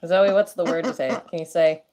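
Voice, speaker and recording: A woman's voice: lowish voice, steady tone, a little fast, a little mellow. A woman on a livestream coaxing her pet bird to talk and do tricks. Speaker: pet owner on stream.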